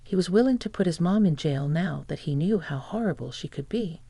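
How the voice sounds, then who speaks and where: A woman's voice: on the low side, expressive, fairly quick, mellow, breathy edge, dry recording. A woman giving first-person narration of a family drama story in a plain-spoken, dramatic way.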